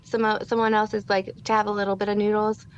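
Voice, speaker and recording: A woman's voice: mid-range voice, flat delivery, fast, smooth, dull audio. A woman in her thirties co-hosting a podcast, chatting animatedly and acting out her own reactions. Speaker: podcast co-host. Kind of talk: casual chat.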